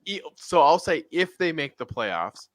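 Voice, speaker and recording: A man's voice: on the high side, sing-song, a little slow, fairly bright tone, dry recording. A man co-hosting a casual sports podcast, rambling and often restarting his sentences. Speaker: podcast co-host.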